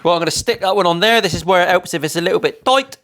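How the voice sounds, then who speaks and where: A man with a slightly higher voice than most talks casually to camera from his guitar workshop. He chats in cheeky banter, swearing freely and tossing off jokey asides. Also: racing, a bit bright. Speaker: luthier.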